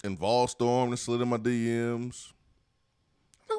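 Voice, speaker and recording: A man's voice: medium pitch, flat delivery, takes it slowly, darkish tone, smooth, dry recording, studio quality. A man co-hosting a sports radio show, playful and laughing often, repeating catchphrases. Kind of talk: casual sports talk chat.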